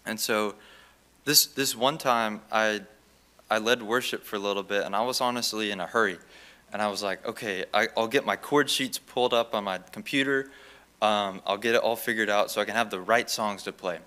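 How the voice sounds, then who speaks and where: A young man giving a chapel testimony as a student, telling his story in an animated way and acting out the lines of the people in it. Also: on the low side, moderate pace, clean tone. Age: young adult. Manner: animated, acts out quoted dialogue.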